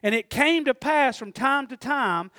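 A man preaching a folksy sermon, swinging from hushed asides to shouted points. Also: very high voice, lively intonation, measured pace, no room sound, clean studio sound. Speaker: pastor.

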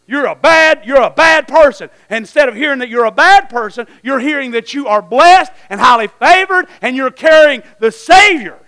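High, bright-voiced folksy preacher man. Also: moderate pace, few pauses. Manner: folksy, animated preaching with repeated calls of amen; breaks into shouts at high points. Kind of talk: sermon.

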